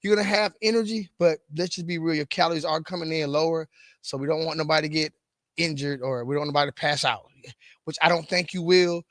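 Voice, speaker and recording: A man's voice: fairly high pitch, fairly even intonation, fast talker, a bit bright, dry recording, studio quality. A middle-aged man coaching fitness, talking casually to the camera, often repeating words and restarting lines. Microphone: camera mic.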